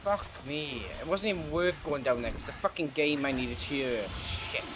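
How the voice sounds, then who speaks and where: A man streaming a horror game live, swearing a lot and switching between low grumbling and panicked yelling. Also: animated, moderate pace, noisy background. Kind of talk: live gameplay commentary. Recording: game music behind.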